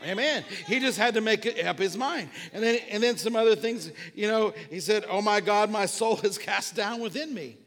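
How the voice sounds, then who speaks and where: A male pastor preaching a sermon with passion, repeating refrains and building up to shouts. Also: high-pitched, normal speed, few pauses, big-room sound. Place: church sanctuary.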